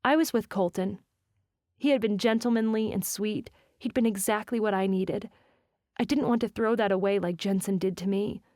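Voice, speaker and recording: A woman's voice: mid-range voice, moderate pace, a little mellow, no echo, studio quality. A woman narrating a romance novel in first person, with a wry, self-mocking inner voice. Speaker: audiobook narrator.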